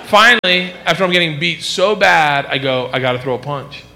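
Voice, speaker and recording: Raspy high-voiced comedian on stage. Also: male voice, a little fast. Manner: animated, switches to acted-out voices and shouted punchlines. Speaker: stand-up comedian. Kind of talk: stand-up comedy routine. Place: live comedy stage before a large audience. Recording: live show with loud crowd laughter and noise. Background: loud audience laughter.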